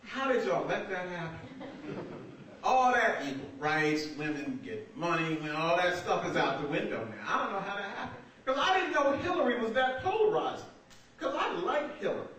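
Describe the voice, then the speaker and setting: High-voiced stand-up comic in an echoey theater. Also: male voice, lively intonation, moderate pace. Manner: conversational, laughing through punchlines. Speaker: stand-up comedian. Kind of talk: stand-up comedy set. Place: small theater stage with audience. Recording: roomy echoey far-off amateur recording with loud noise.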